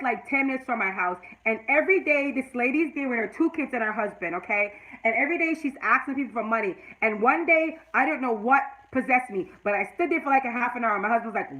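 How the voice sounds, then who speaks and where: Speaking fast in a slightly high, pushed, bright voice, a YouTube vlogger in her forties addresses her live chat in a personal vlog. She starts earnest and sometimes tearful before turning emphatic and preachy. The recording quality is low.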